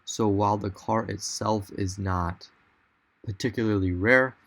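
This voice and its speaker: A young man with a fairly low voice talks through a virtual walk-around as a voice-over. He sounds keen and loose, thinking aloud and correcting himself as he goes. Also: steady tone, measured pace, fairly bright tone. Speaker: car vlogger. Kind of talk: casual tour narration.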